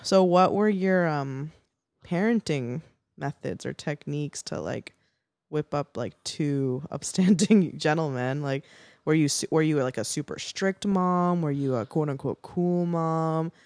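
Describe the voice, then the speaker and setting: A woman's voice: deep voice, measured pace, darkish tone, no room sound. A woman co-hosting a podcast, chatting casually in an emotional, giggly way. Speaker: podcast co-host. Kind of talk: casual chat.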